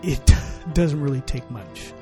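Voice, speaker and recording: A man's voice: medium pitch, expressive, slow pace, over music. A man co-hosting a parenting podcast, talking in an earnest, reflective way. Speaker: podcast co-host. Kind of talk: casual chat.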